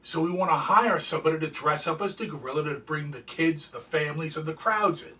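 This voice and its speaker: A man's voice: fairly high pitch, brisk, bright, forceful tone. A man voicing a male zookeeper offering a job in a plain, businesslike way. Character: matter-of-fact male zookeeper. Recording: distant from the mic.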